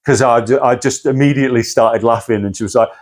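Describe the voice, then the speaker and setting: A man talks as a podcast guest, telling stories in a loose, lively way. He acts out the voices of the people in his stories and often starts his sentences over. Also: medium pitch, fast. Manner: animated storyteller, acts out quoted voices, many restarts. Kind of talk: casual storytelling about spirituality.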